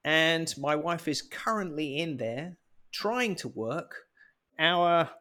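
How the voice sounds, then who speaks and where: A man's voice: medium pitch, a bit bright. A man talking casually as a podcast co-host. He tells stories in a chatty, joking way and pokes fun at himself. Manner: chatty storyteller, jokey and self-mocking. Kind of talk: casual chat.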